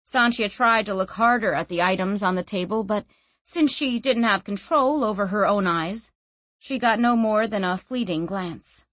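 A woman narrating a story in measured, dramatic scripted narration. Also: mid-range voice, a bit bright, no room sound. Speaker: audiobook narrator.

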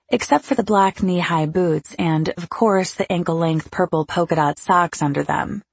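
A woman reads a first-person romance aloud with slow, intimate delivery. Her voice sits low and husky, with a gravelly edge at the ends of lines. The sound is close and dry. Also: no room sound. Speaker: audiobook narrator.

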